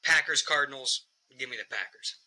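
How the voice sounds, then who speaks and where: Male podcast host, very bright voice, loose and profane sports banter. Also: medium pitch, fairly quick, poor audio. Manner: profane, animated football picks.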